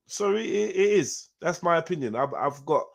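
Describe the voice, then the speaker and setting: A man chatting loosely on a live panel show. His voice sits a little high for a man. He jokes around, laughs easily and swears without a second thought. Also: normal speed, creaky. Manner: animated, joking, laughs often, swears freely. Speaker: host. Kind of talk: casual live panel chat.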